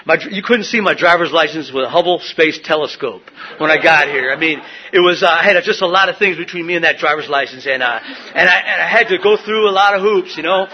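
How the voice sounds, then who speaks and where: A man's voice: fairly high pitch, a little fast, few pauses, highs cut off. A middle-aged man sharing his recovery story at a meeting, rambling with many fillers and restarts. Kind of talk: personal recovery share. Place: meeting room.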